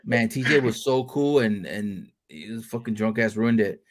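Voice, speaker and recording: A man's voice: fairly low pitch, normal speed. A man hosting a casual podcast chat, joking and teasing his guest with lots of swearing. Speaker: podcast host.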